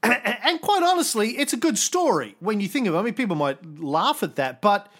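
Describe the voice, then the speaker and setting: A man co-hosting a casual history podcast, talking in an animated way and swearing freely. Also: high-pitched, moderate pace. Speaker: podcast co-host.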